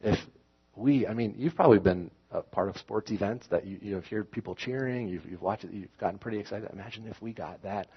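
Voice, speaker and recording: A man's voice: on the low side, fairly quick, breathy edge, dull audio. A man preaching a sermon in a conversational, self-correcting way, rising into emphatic scripture reading. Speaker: pastor.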